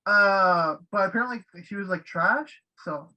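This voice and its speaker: A man's voice: sits high, unhurried, sharp tone, poor audio. A young man co-hosting a casual wrestling podcast, rambling and unsure, with heavy swearing. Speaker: podcast co-host.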